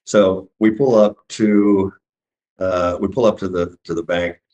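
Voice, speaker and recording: A middle-aged man telling his own story in casual speech, halting and full of restarts as he acts out what was said. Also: low-pitched, fairly even intonation, a little mellow. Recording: dull lo-fi recording.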